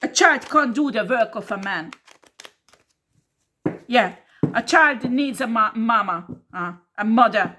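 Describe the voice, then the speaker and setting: A woman's voice: a little high, lively intonation, slow, pauses often, sharp tone, a little hiss or hum. A woman giving a tarot reading who scolds her listeners bluntly and swears a lot, in non-native English phrasing. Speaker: tarot reader.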